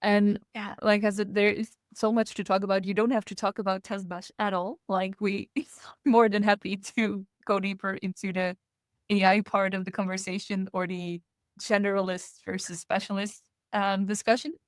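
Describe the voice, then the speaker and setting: A woman's voice: mid-range voice, level tone, moderate pace, no room sound. Woman, podcast co-host, casual chat, chatty, laughing, dry sound. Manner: chatty, laughs often, restarts.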